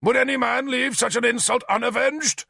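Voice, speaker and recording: A man voicing a cruel, vengeful one-armed warlord king who shouts and snarls threats in an audiobook. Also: very high voice, fairly even intonation, normal speed, creaky, no echo, clean studio sound, voice pushed up, exaggerated voice. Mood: furious.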